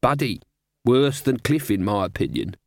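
A man's voice: medium pitch, sing-song, normal speed, gravelly, no echo, studio quality. A man doing Glod, a blunt scheming dwarf. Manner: blunt, matter-of-fact. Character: gruff male dwarf musician, blunt schemer.

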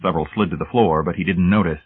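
Low deep guy reading a novel, steady pace, sounds tinny like over the phone. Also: fast talker, slightly rough. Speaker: audiobook narrator. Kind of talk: scripted narration.

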